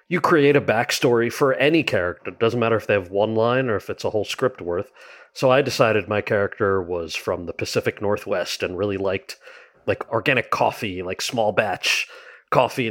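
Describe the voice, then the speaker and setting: A man, an actor and writer, telling stories from his career in a casual interview, animated and full of quoted asides. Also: lowish voice. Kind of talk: conversational storytelling.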